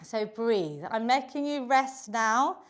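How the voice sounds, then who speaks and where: A woman's voice: a little high, lively intonation, takes it slowly. A woman fitness instructor leading a live online workout class, encouraging and counting reps aloud, slightly out of breath.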